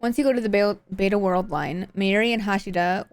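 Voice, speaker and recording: A woman's voice: mid-range voice, fairly quick, dry recording, faint music behind, close to an everyday voice. A woman voicing a flustered young woman scientist who stammers and gets defensive, reading from a visual novel game. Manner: stammering, defensive, rattles off jargon.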